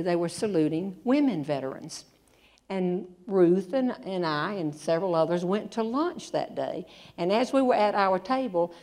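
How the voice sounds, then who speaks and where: A woman telling comic stories on a theater stage, acting out the voices. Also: mid-range voice. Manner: animated, acts out voices, laughs along. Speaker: humorist and storyteller. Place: theater stage before a live audience.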